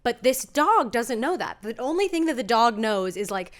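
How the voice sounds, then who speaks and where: A young woman co-hosting a casual podcast chat, talking in an animated way and acting out quotes in high voices. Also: normal speed. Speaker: podcast co-host.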